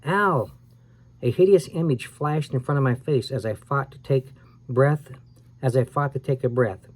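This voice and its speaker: Male storyteller, mid-pitched voice, expressive read-aloud of a spooky kids' book, small self-corrections. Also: normal speed. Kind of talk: dramatic read-aloud of a scary children's story.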